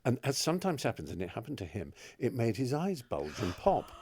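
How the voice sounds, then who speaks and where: Older man, podcast guest, very animated pitch, laughing storyteller. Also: fairly quick, slight background noise. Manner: lively storyteller, laughs often, acts out voices in quotes. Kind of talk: casual anecdotal chat.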